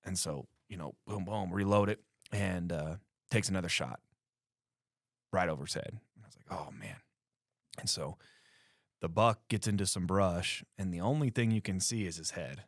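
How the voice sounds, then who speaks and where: Low-voiced man telling a story. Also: moderate pace, dry recording, studio quality. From Colorado. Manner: animated storyteller acting out quotes. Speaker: guest. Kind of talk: casual storytelling.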